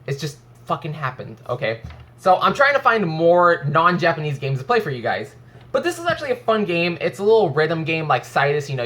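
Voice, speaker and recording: A man's voice: fairly high pitch, bright, forceful tone. A young man venting in a casual, profane, rambling rant while playing a video game at home. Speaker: gaming vlogger.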